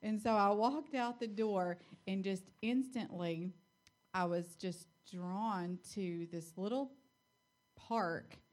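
A woman telling a personal testimony story in church, chatty and quick-paced. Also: medium pitch, a little mellow.

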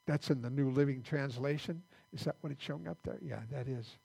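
Gravelly husky male pastor preaching. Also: medium pitch, mellow. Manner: halting, repeats words as he restarts. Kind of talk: conversational sermon. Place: church.

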